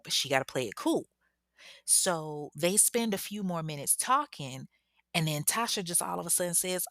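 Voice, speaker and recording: A woman's voice: lowish voice, expressive, moderate pace, fairly bright tone, no room sound, studio quality. A woman telling a true crime story in a chatty, casual way, talking straight to listeners. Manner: chatty, addresses listeners directly.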